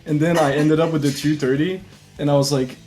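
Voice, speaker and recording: A young man telling how his race went in a casual interview, animated and swearing freely. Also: a little high, brisk, over music. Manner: animated storytelling, heavy swearing. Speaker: tournament competitor being interviewed.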